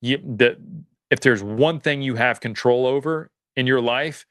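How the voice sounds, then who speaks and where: Male guest, bright and clear, earnest motivational talker, dry close mic. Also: medium pitch, a little slow, dry recording. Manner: earnest, motivational, thinks aloud with many restarts. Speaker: podcast guest, farmer. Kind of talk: casual interview talk.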